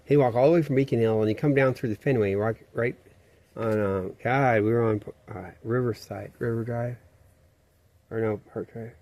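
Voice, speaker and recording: A man's voice: medium pitch, fairly even intonation, moderate pace, a little mellow. A man rambling through a profane, meandering, conspiratorial monologue.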